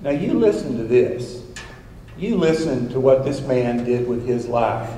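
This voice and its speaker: A man's voice: medium pitch, measured pace, dark tone, slight background noise. A school principal addressing an assembly, telling folksy stories and repeating his points for emphasis. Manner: folksy storytelling, emphatic repetition. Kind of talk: assembly speech. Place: large school assembly hall. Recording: echoey hall from far off.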